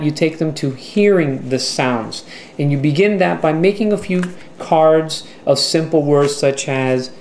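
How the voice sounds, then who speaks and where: A man talking through a teaching strategy in an instructional video, slow and deliberate, with the odd filler. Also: on the high side, a little hiss or hum. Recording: echoey room with faint ambience.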